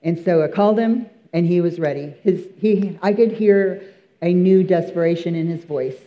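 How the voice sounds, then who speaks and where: A man's voice: high voice, moderate pace, lo-fi sound. A man giving an earnest, emphatic church testimony, telling his story with many fillers and restarts.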